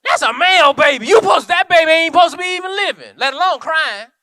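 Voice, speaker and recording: A man's voice: extremely high pitch, lively intonation, fast talker, bright, forceful tone, no echo, studio quality, pitched above the performer's own voice, heavily acted. A man voicing an incredulous onlooker who exclaims in disbelief at hearing a hidden baby cry, in a sermon.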